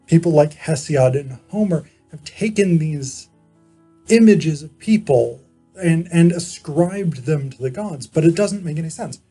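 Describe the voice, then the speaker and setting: Slow, husky-voiced man lecturing. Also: on the high side, warm tone. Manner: measured explaining, frequent pauses and self-corrections. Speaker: philosophy lecturer. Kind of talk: informal lecture to camera.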